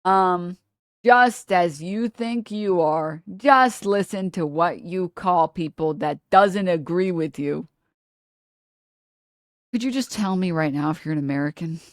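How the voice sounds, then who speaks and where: A woman's voice: lowish voice, takes it slowly, dry recording, studio quality. A woman live streamer ranting about politics to her chat, blunt, sarcastic and profane, often laughing mid-sentence. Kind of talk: casual political rant to chat.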